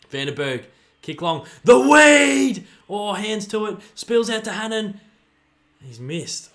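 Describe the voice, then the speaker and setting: An excitable man with an Australian accent hosts a livestream, chatting casually while he cheers and groans at the players in a football match. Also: medium pitch. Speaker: livestream host. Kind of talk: live watch-along commentary and chat reading.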